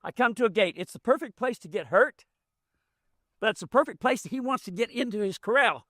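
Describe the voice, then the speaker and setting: Man, mule trainer, folksy plainspoken talk, fairly high voice, dry sound, outdoor lesson. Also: lively intonation, fairly quick, bright, forceful tone, dry recording. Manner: folksy, explains as he works, drawling rural grammar. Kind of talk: hands-on training demonstration.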